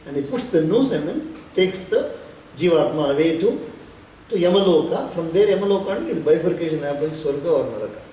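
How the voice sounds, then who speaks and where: A man, a spiritual teacher telling a devotional story in an unhurried way, with pauses and bits of chanting. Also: fairly high pitch, animated, warm tone. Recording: echoey hall, distant mic, faint noise.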